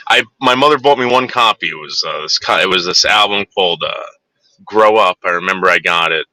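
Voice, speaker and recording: A man's voice: low-pitched, fairly quick, pushed and bright, no room sound, poor audio. A man in his forties telling a crude, rambling anecdote, full of fillers and digressions. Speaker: storyteller.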